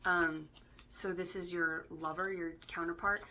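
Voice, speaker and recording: A woman's voice: lowish voice, little pitch movement, measured pace, bright, forceful tone. A woman giving a casual spoken tarot reading in a chatty way, full of fillers and loose swearing, often checking in with "right?". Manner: chatty, filler-heavy, casually profane, keeps asking "right?". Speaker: tarot reader.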